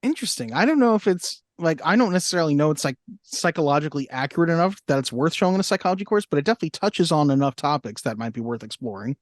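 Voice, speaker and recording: A man's voice: on the high side, sing-song, rapid-fire, hardly any pauses, no echo, studio quality. A man co-hosting a film podcast, speaking casually with wry, teasing asides. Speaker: podcast co-host. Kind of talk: casual chat.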